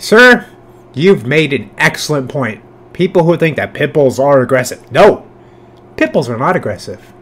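In a profane, casual reaction video, the male host lurches from loud outbursts to low muttering, occasionally switching to baby talk for his cat. He speaks at normal speed with big swings in pitch.

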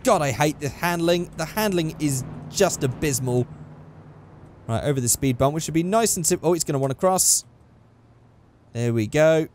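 A man's voice: on the high side, normal speed, long pauses, a little mellow, a little hiss or hum. A young man giving sarcastic, exasperated running commentary while playing a driving game. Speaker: gaming channel host. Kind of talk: let's play commentary.

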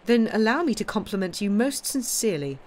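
A woman's voice: mid-range voice, very animated, a little fast, darkish tone, pitched above the performer's own voice, natural voice. A woman voicing a polite, composed society lady in a storybook reading. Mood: flattering.

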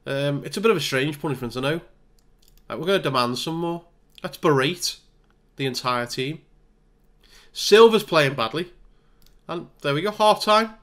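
Guy yelling at his game team, bright sharp voice, kinda high. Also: normal speed, long pauses. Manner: exasperated, animated play-by-play. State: hay fever. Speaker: gaming YouTuber. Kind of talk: live game commentary.

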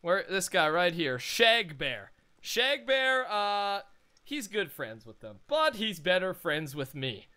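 A young man hosting a casual gameplay commentary, talking in an excitable, rambling, jokey way. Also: sits high, slow, smooth. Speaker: gaming channel host.

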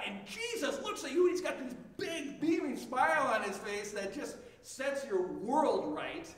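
A man's voice: extremely high pitch, animated, measured pace, few pauses, a bit bright, recorded from a distance. A male pastor delivering a sermon, telling the story in vivid second person in a conversational way. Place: church sanctuary. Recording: echoey church heard from afar, faint noise.

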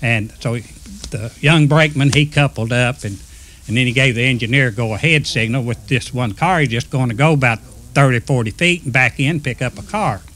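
A man's voice: mid-range voice, normal speed, fairly bright tone. A man, casually telling old railroad stories and acting out what people said. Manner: folksy yarn-spinner, acts out quoted speech. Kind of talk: casual storytelling.

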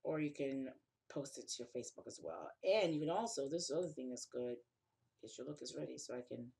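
Exhausted blogger narrating a screen tutorial; raspy, creaky voice, loose and thinking out loud. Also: medium pitch, lively intonation, brisk. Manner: rambling, thinking aloud with restarts. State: tired, yawning. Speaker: fashion blogger.

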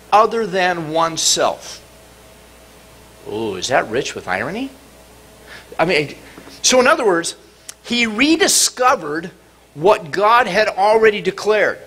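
Middle-aged pastor guy giving a sermon, high bright voice, very animated. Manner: dramatic, acts out cries and shouts. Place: church sanctuary.

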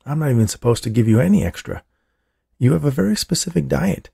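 A jittery young nursing-home worker, as a man puts him on in an audiobook, pitched well above the reader's own gravelly voice. He keeps his voice low and pleading, nervous about getting caught. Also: lively intonation, fast, no room sound, clean studio sound, exaggerated voice. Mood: apologetic. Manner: anxious, hushed pleading.

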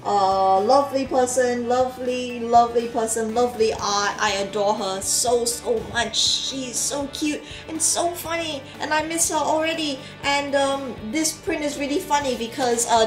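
Young woman rambling excitedly bout art prints, echoey room, bit of music underneath. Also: on the high side. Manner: gushing, rambling, lots of fillers and restarts. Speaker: vlogger showing art haul. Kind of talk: casual chat.

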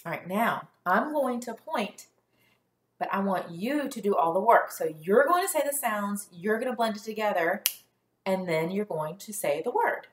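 A woman teacher leading a first grade phonics lesson, sounding out letters slowly and praising the class. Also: mid-range voice, expressive. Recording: echoey room.

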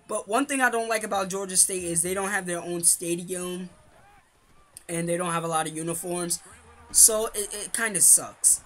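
A young man with a high, light voice talks loosely over a football video game. He rambles and jokes between plays and chews gum as he goes. It sounds like a relaxed recording made at home. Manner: chatty, rambling, hypes his team and slams his kicker; chewing gum while talking. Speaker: gaming commentator. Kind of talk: casual gameplay commentary.

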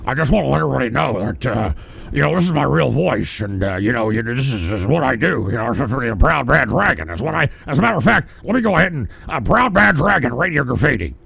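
Man doing deep gruff proud dragon, mumbly drawl, gravelly. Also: big pitch swings, fast talker, a bit bright, exaggerated voice. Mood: boastful.

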